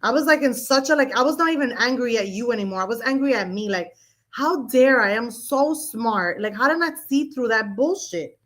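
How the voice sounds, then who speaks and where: Blunt, animated woman podcast co-host. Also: a little high, brisk. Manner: blunt, profane, animated storyteller. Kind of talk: candid casual chat.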